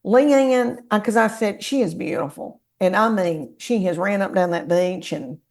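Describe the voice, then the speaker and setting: Gravelly Southern woman telling stories. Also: medium pitch, unhurried. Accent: Southern American. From American South. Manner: folksy, animated storyteller. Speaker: guest comedian. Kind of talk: casual storytelling chat.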